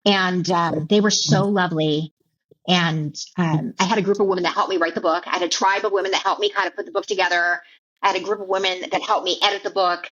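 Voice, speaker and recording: A middle-aged woman telling her personal story as an interview guest, halting and emotional, with many restarts and repeated words. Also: lowish voice, fairly even intonation, a bit bright. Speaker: author and keynote speaker, guest. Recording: dull lo-fi audio.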